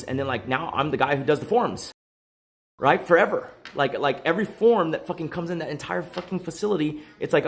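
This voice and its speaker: A man telling a story in casual chat, rambling with many fillers and restarts, swearing, and getting heated and high-pitched when exasperated. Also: expressive, quick pace, husky. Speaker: podcast host.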